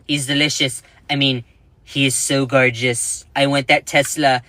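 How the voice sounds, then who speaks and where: A man's voice: medium pitch, level tone, measured pace, sharp tone, no echo. A man hosting a casual political commentary livestream, chatty and jokey, giggling at his own jokes and reading out the news. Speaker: livestream host.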